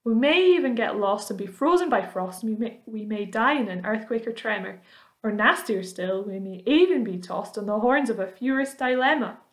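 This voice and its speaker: A boastful storybook centipede, put on by a woman reader, all high-pitched excitement. He shouts and rattles off rhyming brags, thrilled to be on the move. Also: normal speed. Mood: exuberant.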